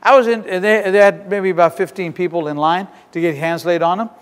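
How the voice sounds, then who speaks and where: A man preaching a sermon as pastor, telling a story in an animated way that swings between loud and hushed. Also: high voice, brisk, smooth. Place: church sanctuary. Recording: long church reverb. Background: congregation shouting.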